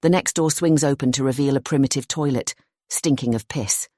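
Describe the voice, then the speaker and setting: An audiobook narrator reading a thriller in a tense, measured storytelling voice. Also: medium pitch, warm tone, no room sound, studio quality.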